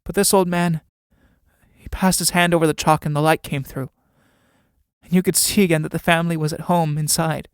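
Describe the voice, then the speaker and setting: Male reader voicing nervous young mistress, halting stammer, dry close sound. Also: on the high side, fairly even intonation, smooth, dry recording, close to an everyday voice. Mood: fearful. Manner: hesitant, stammering. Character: anxious devout young woman, mistress.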